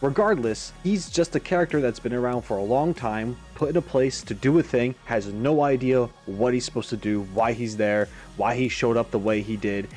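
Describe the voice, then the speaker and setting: A man hosting a game reaction video, talking in an animated, musing way with frequent asides. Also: medium pitch, moderate pace, hardly any pauses, soft background music. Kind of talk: casual commentary.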